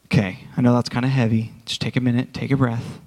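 A man's voice: medium pitch, flat delivery, quick pace, darkish tone, big-room sound. A man preaching a sermon as worship pastor, speaking earnestly and directly to his congregation in a church. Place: church sanctuary.

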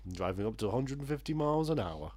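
A man's voice: medium pitch, fast, no echo, lightly acted. A man putting on a smug, rambling older rock drummer in his seventies with a Liverpool accent. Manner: deadpan, rambling, self-important.

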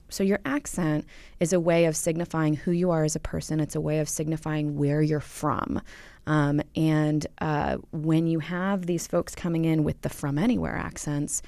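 A woman's voice: low voice, creaky, a little mellow, dry recording. A woman researcher answering interview questions, thoughtful and explanatory, with many ums and uhs. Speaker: linguistics researcher.

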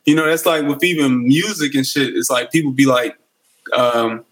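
A man's voice: medium pitch, steady tone, moderate pace, fairly bright tone, poor audio. A man in a casual chat, loose and slangy, laughing as he tells stories.

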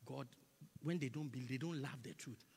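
A male preacher delivering a sermon in a church, swinging between loud emphatic cries and hushed whispers and repeating phrases in a call-and-response rhythm. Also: medium pitch, fairly quick, creaky, in a large hall, slight background noise. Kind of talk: sermon with congregational prayer.

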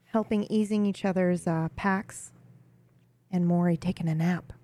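A woman's voice: lowish voice, steady tone, a little slow, mellow. A woman narrating as game master in a tabletop game, casual and swearing freely. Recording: faint background noise.

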